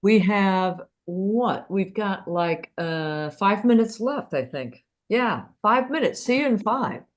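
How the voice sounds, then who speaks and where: A woman's voice: medium pitch, expressive, slow. A woman hosting an online show over a video call, chatty and full of ums and uhs. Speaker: host.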